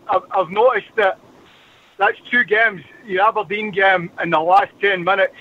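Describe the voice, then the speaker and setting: A man's voice: sits high, dull audio, a little hiss or hum. A Scottish man calling in to a radio show, chatty and jokey, often tacking man onto his sentences. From Scotland. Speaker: caller. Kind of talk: casual phone-in chat.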